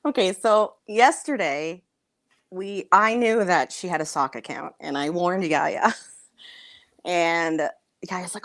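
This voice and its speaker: A woman's voice: fairly low pitch, moderate pace, fairly bright tone, no room sound, clean studio sound. A woman in casual chat, telling a gossipy story with lots of laughter and acted-out quotes.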